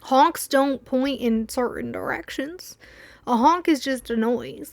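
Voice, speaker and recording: A young woman hosting a podcast, telling a story in a rambling, animated way with many quoted asides. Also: sits high, takes it slowly, gravelly, no room sound, clean studio sound. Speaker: podcast host. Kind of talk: casual solo storytelling.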